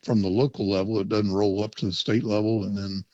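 A man speaks as a public health consultant in an interview clip, explaining things plainly. His voice sits low. The recording is dull and dry. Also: little pitch movement, brisk, a little mellow, dry recording.

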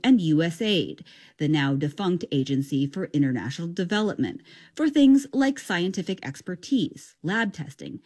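A woman reporter delivering a scripted radio news story in a measured broadcast manner. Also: on the low side, darkish tone.

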